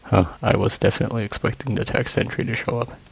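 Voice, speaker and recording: A man hosting a let's play, musing in a relaxed way as casual gameplay commentary. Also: fairly low pitch, fast, creaky, breathy edge, poor audio.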